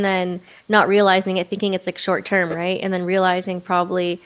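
A woman's voice: mid-range voice, level tone, fairly quick, hardly any pauses, clear, resonant tone. A woman co-hosting a podcast, chatting casually and finishing her friend's thoughts with support. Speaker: podcast co-host. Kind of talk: casual chat.

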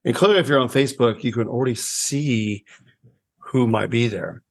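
A man's voice: medium pitch, normal speed, creaky. A man hosting a podcast in loose, casual chat, swearing freely and laughing with his co-hosts. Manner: laid-back, swears casually, laughs often. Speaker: podcast host.

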